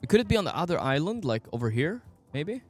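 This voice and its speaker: A man streaming a game, giving casual, excitable commentary, swearing often and talking to his chat. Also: on the high side, fast talker, faint music behind.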